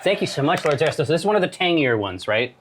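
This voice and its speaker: A man's voice: a little high, sing-song, fast talker. A man co-hosting a casual livestream who jokes around and moves the brewing steps along with questions. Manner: jokey, leads the brewing steps by asking questions. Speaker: co-host. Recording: noisy room audio.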